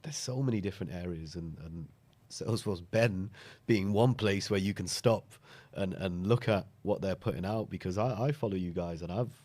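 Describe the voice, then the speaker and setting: A man's voice: sits low, normal speed, hardly any pauses, darkish tone. A man hosting a casual video interview podcast, chatty and upbeat, with many fillers and repeated words. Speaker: podcast host.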